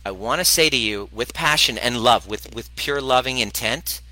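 Blunt, passionate man with a bright voice. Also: medium pitch, moderate pace, no echo, low-quality recording. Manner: blunt, passionate, swearing, laughing often. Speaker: former chiropractor turned wellness video host. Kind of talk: direct-to-camera talk answering a viewer question.

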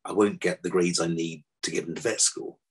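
An older man, a vet, telling stories from his past in a relaxed interview, with dry self-deprecating humour. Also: sits low, brisk, husky. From England. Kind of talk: casual interview chat.

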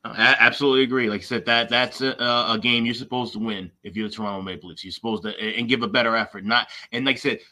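Man, podcast co-host, casual rambling talk, lots of fillers, bright tense voice. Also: medium pitch, steady tone, fast talker, hardly any pauses. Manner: rambling, many fillers and restarts. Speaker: co-host of a hockey betting show.

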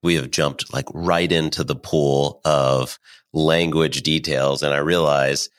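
Very deep-voiced casual male host. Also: takes it slowly, no echo, studio quality. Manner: relaxed, loose, uses filler words. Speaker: podcast host. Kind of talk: casual interview questions.

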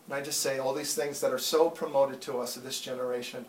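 A man's voice: medium pitch, flat delivery, quick pace, few pauses. A man preaching a sermon to a congregation, talking plainly and then building to urgent, impassioned appeals. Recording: echoey room, mic far off.

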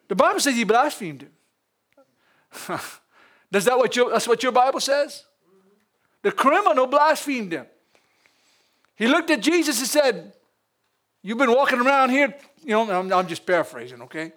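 A man's voice: very high-pitched, big pitch swings, moderate pace, long pauses, fairly bright tone. A man with a Louisiana accent preaching a sermon, talking to the congregation with laughs and call-outs. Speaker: pastor.

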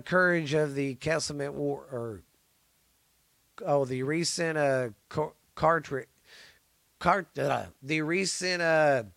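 A man's voice: on the high side, creaky, a bit bright, no room sound. A man hosting a podcast, rambling and cursing casually, often stumbling over names as he reads. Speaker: podcast host.

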